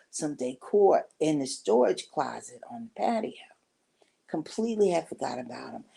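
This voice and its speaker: A woman's voice: low voice, vocal fry, dark tone, slightly rough. A middle-aged woman casually telling a personal story to camera, rambling and acting out what people said. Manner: rambling, conversational, acts out quoted talk.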